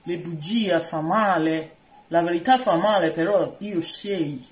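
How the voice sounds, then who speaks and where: A woman's voice: lowish voice, moderate pace, roomy sound, rough recording. A woman with a Nigerian accent chatting casually and teasingly while doing chores in her kitchen, rambling and switching between languages. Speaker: vlogger. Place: home kitchen.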